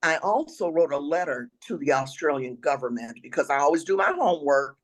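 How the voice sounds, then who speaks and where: An older woman with a raspy voice, a retired teacher telling travel stories as an interview guest, now and then clearing her throat. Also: sits low, expressive, fairly quick, low-quality recording. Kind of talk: storytelling interview answers.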